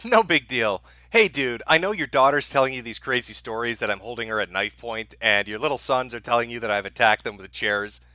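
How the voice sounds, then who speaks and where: A man's voice: mid-range voice, a little fast, hardly any pauses, pushed and bright, no room sound. A man hosting a livestream, mocking a played clip with profane, sarcastic commentary. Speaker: livestream host.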